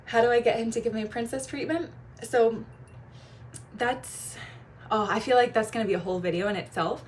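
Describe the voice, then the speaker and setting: A young adult woman, a feminine energy coach, giving casual advice and telling personal stories in an animated way, changing her voice when she quotes people. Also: a little high, a little fast, slight background noise. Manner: animated storyteller, shifts voice when quoting people.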